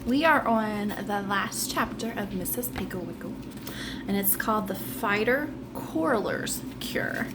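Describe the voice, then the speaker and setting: A woman's voice: mid-range voice, animated, a little slow, very noisy. A woman reading a children's book aloud, adding chatty asides between passages. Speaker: storybook reader.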